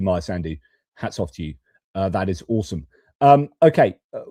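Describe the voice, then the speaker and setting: A man's voice: fairly low pitch, mellow, no echo. A man hosting a geopolitics live stream from his home studio, talking in a chatty, opinionated way with frequent fillers.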